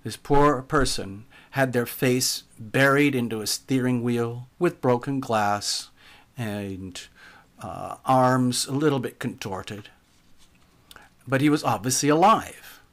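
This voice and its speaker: A man telling a spooky first-person story in a calm, measured way, often trailing off softly. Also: medium pitch.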